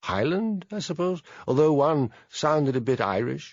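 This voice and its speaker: A man's voice: a little high, sing-song, measured pace, no echo, dull audio, voice pushed up, full character voice. A man voicing a proud, stern landowner in his late fifties in an audiobook, speaking in a clipped, haughty way.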